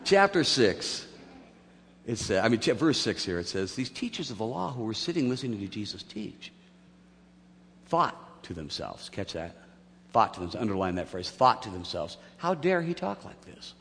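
Man preaching, lively storyteller, bright voice, big echoey hall. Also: on the low side, normal speed, slight background noise. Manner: animated storyteller, acts out voices, jokes. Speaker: pastor. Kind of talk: sermon. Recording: long hall reverb.

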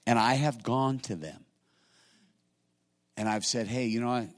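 A middle-aged male pastor delivering a sermon in a fairly low voice. He talks to the congregation in an easy, conversational way, then climbs into loud, emphatic bursts to drive a point home. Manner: conversational preaching, swelling to loud emphatic peaks.

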